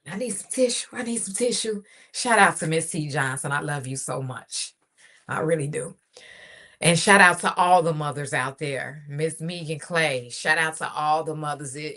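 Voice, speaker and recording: A woman's voice: low voice, pushed and bright. A woman hosting a radio podcast in casual solo talk, heartfelt and chatty, often repeating her phrases.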